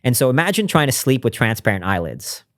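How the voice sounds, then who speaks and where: A man as a podcast guest, telling a personal story in an earnest, reflective way and often dropping to a hushed voice. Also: medium pitch, big pitch swings, a little fast. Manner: earnest and reflective, drops to a hushed voice when recounting intimate moments. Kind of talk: conversational interview storytelling.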